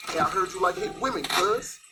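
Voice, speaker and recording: A man voicing a threatening young man who talks in street slang in an animated story. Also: high voice, brisk, recorded from a distance, loud music behind the voice, natural voice. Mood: menacing.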